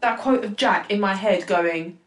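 A young woman co-hosting a podcast in a casual, animated chat, full of "like" and quick asides. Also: medium pitch. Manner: animated, excitable, lots of "like". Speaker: podcast co-host. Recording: echoey room.

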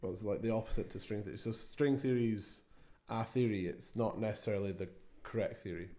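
A man's voice: lowish voice, brisk, mellow. Dry, matter-of-fact man. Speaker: podcast co-host, teacher. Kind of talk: casual chat.

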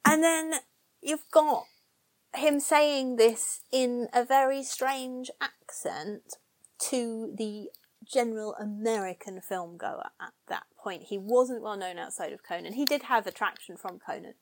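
A woman guest on a podcast interview, talking in a lively way and thinking aloud with restarts. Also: on the high side, a little slow, no room sound. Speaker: guest scholar.

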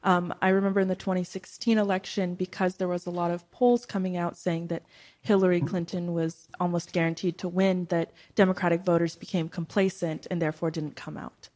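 A woman's voice: on the low side, flat delivery, fairly quick, darkish tone. A woman in the audience asking a question, hesitant at first. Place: lecture hall.

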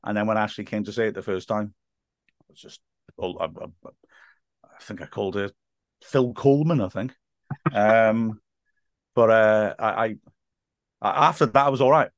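A man who works as a football commentator, telling stories as a podcast guest in lively, laugh-filled casual chat. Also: fairly low pitch, normal speed, pauses often, no room sound, studio quality. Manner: animated storyteller, laughs often, acts out quotes.

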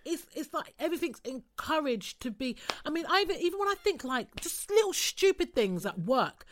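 A woman's voice: sits high, sing-song, fairly quick. A woman from the UK talking casually and animatedly, swearing and acting out arguments. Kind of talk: casual discussion.

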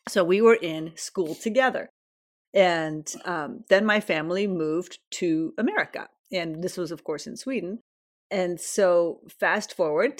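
A woman in her fifties hosting a podcast at home, telling personal stories in a chatty, casual way. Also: lowish voice. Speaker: podcast host.

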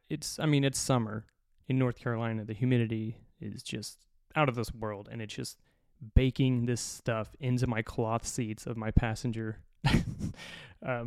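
A man hosting a podcast, telling a long personal story in a profane, animated, self-mocking way. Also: mid-range voice, moderate pace, clean tone, no echo, studio quality. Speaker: podcast host. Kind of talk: casual storytelling.

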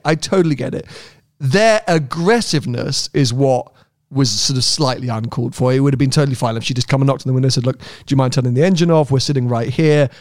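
A man co-hosting a podcast, telling a story in casual chat, animated and often laughing as he acts out what people said. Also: mid-range voice, no echo, clean studio sound. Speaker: podcast co-host.

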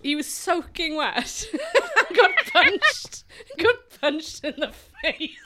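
A woman's voice: very high-pitched, very animated, takes it slowly, heavy background noise. A Welsh woman co-hosting a comedy podcast, telling a story in casual chat and laughing all the way through it. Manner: giggly, laughs through her stories.

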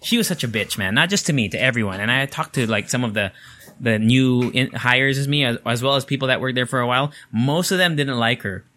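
Bright-voiced man rambling casually. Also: medium pitch, a little fast. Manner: profane, rambling, full of fillers. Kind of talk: casual storytelling.

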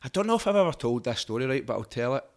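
A man's voice: mid-range voice, big pitch swings, racing. A man with a strong Glaswegian accent chatting casually on a podcast, swearing freely and rambling through anecdotes. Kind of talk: casual chat.

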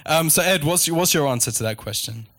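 Lively man hosting a chat. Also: a little high, fast talker. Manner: lively, encouraging, laughs often. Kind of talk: casual chat.

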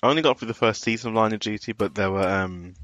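A man's voice: fairly low pitch, quick pace, a bit bright, no room sound, highs cut off. A man from Birmingham with a light Birmingham accent, co-hosting a podcast in casual chat and laughing easily. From Birmingham, England. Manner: chatty, laughs easily, restarts sentences. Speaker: podcast co-host.

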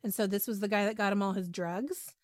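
A woman's voice: mid-range voice, a little fast, no room sound. Chatty woman host, dry close sound. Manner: chatty, animated retelling with asides and filler ums. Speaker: podcast host. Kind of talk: casual storytelling chat.

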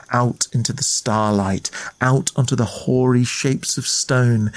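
A man reading a ghost story aloud in a measured, atmospheric way as the storyteller. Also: mid-range voice, darkish tone, dry recording. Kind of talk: scripted narration of a ghost story.

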